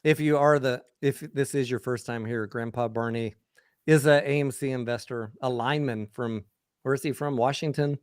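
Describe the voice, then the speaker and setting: A man's voice: medium pitch, steady tone, moderate pace, clear, resonant tone, no echo, clean studio sound. A man hosting a casual live stream, upbeat and reading viewer chat aloud. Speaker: livestream host.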